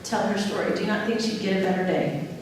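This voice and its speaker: A woman giving a lively public talk on dementia care, asking the audience questions and then answering them herself. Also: medium pitch, quick pace. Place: large hall. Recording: echoey hall from far off with faint ambience.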